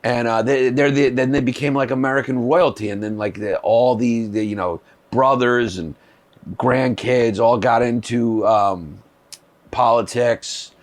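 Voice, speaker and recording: A man's voice: mid-range voice, steady tone, measured pace. A male comedian in casual chat, telling stories in a laid-back, rambling way. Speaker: comedian guest. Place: small shed.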